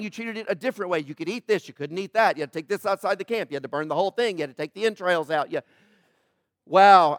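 A man's voice: high voice, no room sound, studio quality. A male pastor giving a sermon, joking with the congregation and acting out voices from the scripture he tells. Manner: animated, joking, acts out quoted voices.

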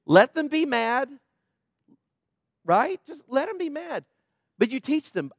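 A middle-aged man preaching with an unusually high voice, pressing each point home and asking the congregation to say it back. The sound is dry and close, with no room echo. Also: sing-song, slow pace, pauses often. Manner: emphatic, repeats key points and asks the audience to respond. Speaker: pastor. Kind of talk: sermon.

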